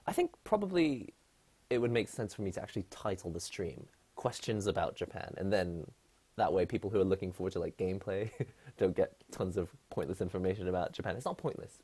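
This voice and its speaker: A man's voice: low voice, mellow, slightly rough. A man chatting casually on a live stream from his apartment, rambling and laughing often.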